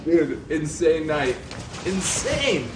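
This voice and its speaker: An actor playing a rowdy hungover young party guy who laughs, swears and brags loudly. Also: on the high side, very animated, drawn-out words, noisy background, exaggerated voice. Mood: boisterous. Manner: loud, laughing, swearing, boastful. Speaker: actor in a comedy sketch. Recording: roomy sketch audio on old VHS.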